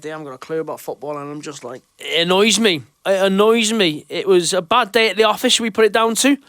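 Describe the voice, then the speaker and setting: A man hosting a football fan show, recapping a match in an excitable, emotional way that swings between fuming and jubilant. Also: high voice, no echo, studio quality. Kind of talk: animated solo football recap. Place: home room.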